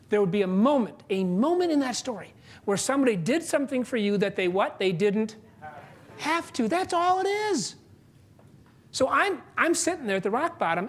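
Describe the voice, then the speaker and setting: A keynote speaker and author with a high voice gives a motivational speech on stage before a large live audience, telling an animated story and acting out both sides of a conversation. He swings sharply from hushed to loud, asks the audience questions, and pauses for punchlines.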